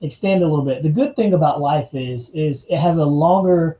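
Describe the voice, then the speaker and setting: A man's voice: fairly high pitch, brisk, warm tone, roomy sound, lo-fi sound. A man from North Carolina, hosting a casual live chat, laid-back and chatty and calling his viewers man and dude. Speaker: livestream host.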